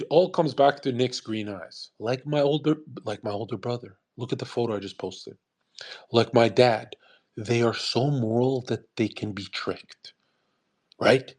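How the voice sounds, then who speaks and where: Husky, profane man ranting casually. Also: mid-range voice, darkish tone. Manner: rambling, profane, emphatic, restarts often. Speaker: host. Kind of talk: casual monologue commentary.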